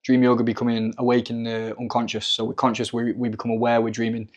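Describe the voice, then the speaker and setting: A man's voice: medium pitch, monotone, quick pace, highs cut off. A man chatting as a podcast guest, talking thoughtfully in a rambling way with many fillers. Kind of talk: casual spiritual discussion.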